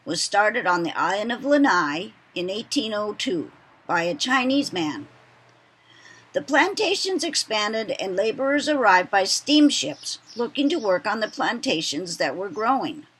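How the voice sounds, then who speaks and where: A woman giving a read-aloud presentation, talking slowly and deliberately with lively intonation. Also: mid-range voice, husky.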